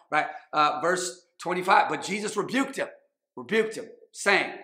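A man's voice: a little high, lively intonation, normal speed, pushed and bright. A man in his thirties preaching a sermon as pastor, emphatic and repetitive, often acting out quotes. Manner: emphatic, repeats phrases, acts out quotes. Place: church sanctuary. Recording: echoey church hall.

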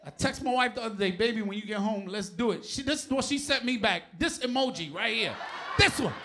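Loud, high-voiced profane stand-up comic. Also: male voice, animated, a little fast, a little hiss or hum. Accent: New York. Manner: profane, shouting punchlines, laughing through bits. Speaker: stand-up comedian. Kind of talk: stand-up comedy set. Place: live comedy stage before an audience.

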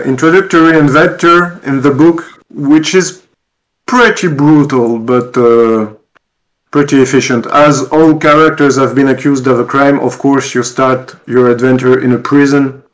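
Male guest, French accent, mid pitch, halting and relaxed. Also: low-quality recording. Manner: hesitant, many fillers, easygoing. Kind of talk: casual interview chat.

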